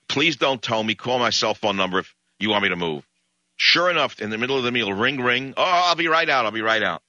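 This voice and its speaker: Animated, indignant radio host man. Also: medium pitch, no echo, highs cut off. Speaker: radio talk show host. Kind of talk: radio monologue storytelling.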